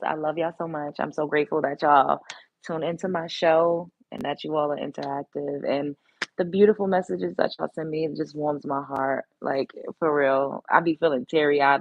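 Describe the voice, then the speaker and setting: A woman's voice: low-pitched, creaky, phone-quality sound. A woman hosting a casual live stream, chatting bluntly with viewers and swearing freely. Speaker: livestream host. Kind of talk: casual live-stream chat reading comments.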